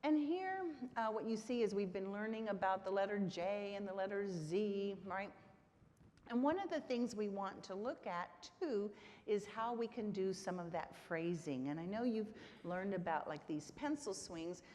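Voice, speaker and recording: At a conference, a woman from Texas lectures on teaching literacy with an animated, darkish mid-range voice at a moderate pace. She often pauses on "right?" to engage the audience, and the hall is reverberant.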